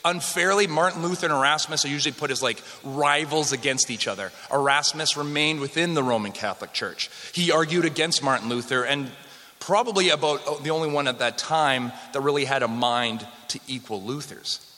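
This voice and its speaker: A man's voice: a little high, fairly quick, bright, forceful tone. Joking man lecturing in a hall. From Western Canada. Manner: conversational, joking with the audience. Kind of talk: live history lecture with slides. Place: hall with a live audience. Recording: long hall reverb.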